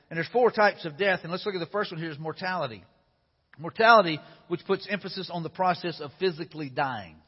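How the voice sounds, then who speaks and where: High-voiced husky male pastor preaching. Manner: conversational, repeats phrases. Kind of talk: sermon. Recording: dull sound with long hall reverb.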